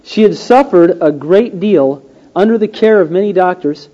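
A man's voice: high-pitched, moderate pace, mellow. A man preaching a sermon, telling a story and acting out the quotes with rising and falling emphasis. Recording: dull lo-fi recording.

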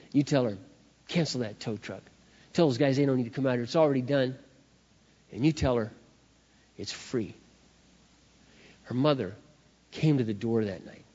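A man preaching a sermon through personal stories, animated, acting out dialogue and swinging between loud and soft. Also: medium pitch. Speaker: pastor. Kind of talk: sermon with storytelling. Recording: dull recording in a reverberant hall.

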